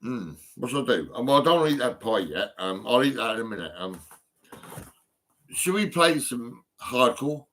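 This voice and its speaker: A man's voice: mid-range voice, very animated, normal speed, a bit bright. A man, rambling through a personal phone vlog full of ums and restarts. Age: 50s. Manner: rambling, full of ums and restarts, laughing at his own stories. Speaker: vlogger.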